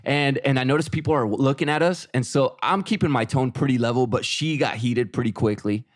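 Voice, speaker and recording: A man's voice: medium pitch, brisk, dry recording, clean studio sound. A middle-aged man co-hosting a podcast, telling a story in casual chat and quoting himself and his wife. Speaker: podcast co-host.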